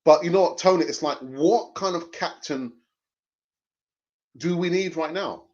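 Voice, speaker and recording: A man's voice: fairly high pitch, measured pace, a little mellow. A man hosting a live fan stream, reading viewer comments and arguing his views with passion, often repeating phrases for emphasis. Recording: dull lo-fi stream audio.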